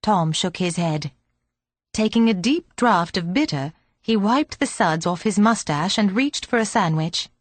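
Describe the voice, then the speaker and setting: In a steady, measured reading, a woman with a medium-pitched voice narrates an audiobook from a script. The recording has no echo.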